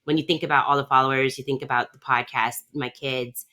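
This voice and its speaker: A woman's voice: a bass voice, steady tone, brisk, bright, forceful tone. A woman hosting a podcast, chatting casually and telling a long family story with lots of fillers. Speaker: podcast host. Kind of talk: casual chat.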